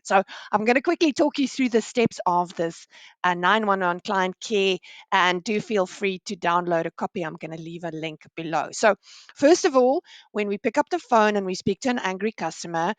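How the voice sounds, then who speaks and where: A woman's voice: fairly low pitch, no echo. A woman giving an upbeat instructional talk as a customer care trainer, in a coaching tone. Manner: upbeat coaching tone, frequent "all right". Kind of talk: instructional direct-to-camera talk.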